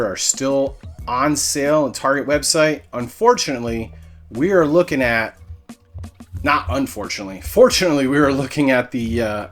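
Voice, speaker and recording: Male host, easygoing unboxing patter, average pitch, light music bed. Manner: relaxed, rambling, with fillers and self-corrections. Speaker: card-breaking channel host. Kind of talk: casual unboxing vlog.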